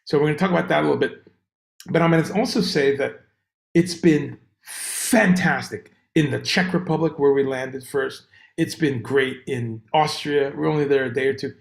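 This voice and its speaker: Man, livestream host, gravelly voice, slightly high pitch, rambling casual chat, echoey room. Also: moderate pace. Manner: rambling, animated, greets viewers by name. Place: room on tour abroad.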